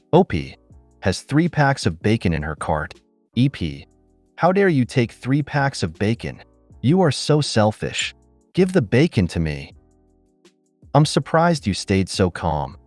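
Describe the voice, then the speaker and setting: Male story narrator, low voice, animated pitch, dry close mic, faint music underneath. For reddit story readings. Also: no room sound. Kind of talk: reading reddit stories aloud.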